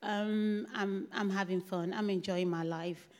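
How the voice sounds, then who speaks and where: A woman's voice: medium pitch, fairly even intonation, unhurried, a little mellow, voice pushed down, close to an everyday voice. A woman quoting a young man who talks casually and hesitantly, in an echoey church hall. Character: young man casually recounting his teenage years.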